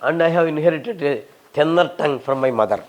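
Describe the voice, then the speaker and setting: A man in his sixties with a Telugu accent, a visiting scholar answering questions in a fast, humorous and emphatic way. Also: fairly high pitch. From Telugu-speaking South India. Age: 60s. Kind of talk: lecture-style Q&A.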